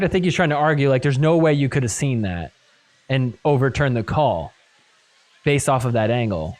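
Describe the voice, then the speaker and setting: A man hosting a podcast, recapping match clips and acting out the players' reactions. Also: a little high. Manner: animated, acts out players' reactions. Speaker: podcast host.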